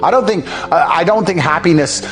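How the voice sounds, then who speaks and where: Faint music plays behind a man from England giving a motivational talk, ranting with profanity and contempt for others, whom he mocks in put-on voices. He speaks briskly and animatedly in a fairly high voice.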